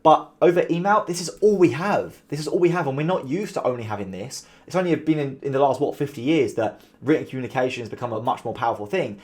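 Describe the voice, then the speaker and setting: A man talking straight to camera, giving business advice in a casual, animated way and mimicking sarcastic tones to make his points. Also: mid-range voice, fast, few pauses. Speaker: call center founder giving business advice.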